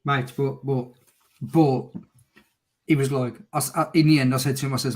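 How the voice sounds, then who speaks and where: Middle-aged english guy on a call, loud and sweary, laughs a lot, ordinary mid pitch. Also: fairly even intonation, moderate pace. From England. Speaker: motovlogger chatting on a call. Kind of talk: casual chat.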